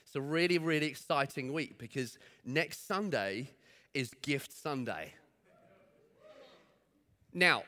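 A man's voice: mid-range voice, lively intonation, takes it slowly, long pauses, bright, forceful tone. A man preaching a sermon in church in a chatty, storytelling way. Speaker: pastor.

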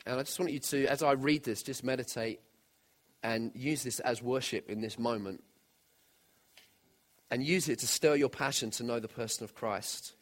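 Guy preaching a sermon, earnest, keeps asking the crowd straight questions, middle pitch. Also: normal speed. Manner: earnest, asks the listeners direct questions.

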